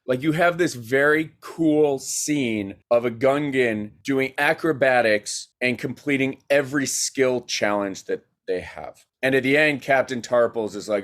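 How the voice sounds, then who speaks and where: A guest filmmaker tells a story during a casual podcast chat, speaking animatedly and rapidly with many fillers. His voice is medium-pitched.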